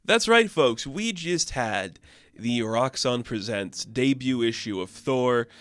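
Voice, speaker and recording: A man recapping a comic book issue in a chatty, loose, excitable way. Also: medium pitch, takes it slowly. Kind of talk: casual review recap.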